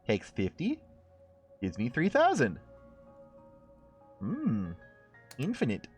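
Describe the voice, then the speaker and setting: Animated man streaming a strategy game. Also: medium pitch, takes it slowly, soft background music. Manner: casual, swears, laughs while reading. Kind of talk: casual game stream commentary with story reading.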